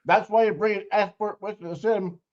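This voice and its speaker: A man co-hosting a livestream, chatting excitedly about a trial with quick agreeing interjections. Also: sits high, lo-fi sound. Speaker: livestream co-host commenting on a trial. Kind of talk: casual live commentary.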